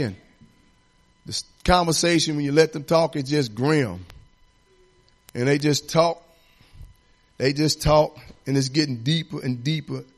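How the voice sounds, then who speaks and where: A middle-aged man preaching a sermon, his husky voice riding a high, animated line. He climbs into ringing declarations, then falls back to a low, confiding storytelling tone. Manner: preaching with rising declarations and dropping to quiet storytelling. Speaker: assistant pastor.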